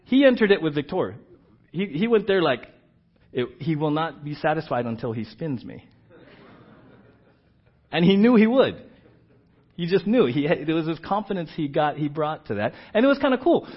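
A man preaching a sermon in a fairly high voice, moving from a casual story into emphatic teaching. The sound is dull and lo-fi. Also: sing-song, moderate pace, long pauses. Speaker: pastor.

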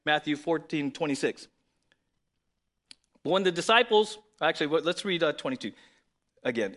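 Lively, bright-voiced male pastor. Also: a little high, normal speed, long pauses. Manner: lively, conversational preaching with sudden loud emphasis; reads scripture aloud. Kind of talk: sermon.

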